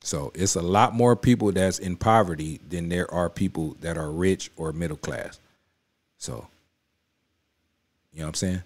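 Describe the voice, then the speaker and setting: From a home studio, a man reacts to a political speech, talking back at the clip in casual, emphatic street talk that repeats itself and grows more heated. His voice is low-pitched and a little slow, with long pauses.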